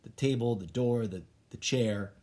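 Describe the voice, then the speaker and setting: A man's voice: medium pitch, unhurried, mellow. Rambling man musing aloud. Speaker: podcast host. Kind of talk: casual philosophical monologue.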